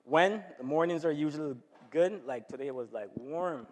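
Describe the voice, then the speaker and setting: A man's voice: on the high side, lively intonation, normal speed, a little mellow. A man giving an informal health talk to a church audience, often checking in with them by asking "right?". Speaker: health seminar speaker. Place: church hall. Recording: long hall reverb.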